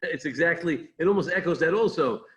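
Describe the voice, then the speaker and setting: Rabbi thinking aloud in a Torah talk. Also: male voice, fairly high pitch, fairly quick, a bit bright, low-quality recording. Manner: conversational, digressive, thinking aloud.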